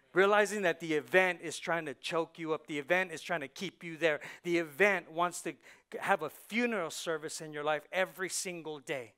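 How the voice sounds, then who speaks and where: A man, a pastor, preaching a sermon with rhetorical questions that build to shouting. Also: fairly high pitch, clear, resonant tone.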